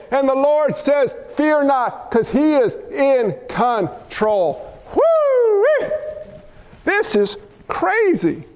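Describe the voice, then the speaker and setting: High-voiced fired-up preacher man. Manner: fiery, animated preaching with call-and-response to the congregation; folksy, casual asides with loud exclamations. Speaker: pastor. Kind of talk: sermon.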